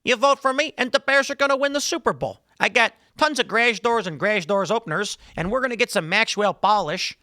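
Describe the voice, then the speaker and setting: A man's voice: high voice, a little fast, hardly any pauses, sharp tone, dry recording, clean studio sound, voice pushed up. A man impersonating an older woman politician who puts on an exaggerated folksy regional drawl to win votes. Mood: brash.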